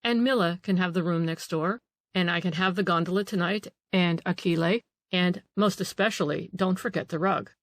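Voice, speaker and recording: A female narrator plays a charming young gentleman who coaxes and teases with a demure playfulness. The reading is dry and close-miked, as in a storybook. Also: on the low side, moderate pace, no room sound, lightly acted. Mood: coaxing. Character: charming, teasing young gentleman invalid, man.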